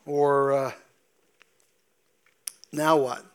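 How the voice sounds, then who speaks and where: A man preaching a sermon as pastor in a church, reading scripture slowly and with emphasis. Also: mid-range voice, little pitch movement, clear, resonant tone. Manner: slow, deliberate preaching with emphatic drawn-out scripture quotes. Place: church sanctuary.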